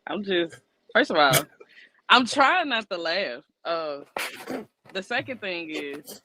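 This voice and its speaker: A woman's voice: lowish voice, lively intonation, slow, bright, forceful tone, a little hiss or hum, poor audio. A woman co-hosting a casual podcast, giving blunt, emphatic opinions laid out as numbered points. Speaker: podcast co-host.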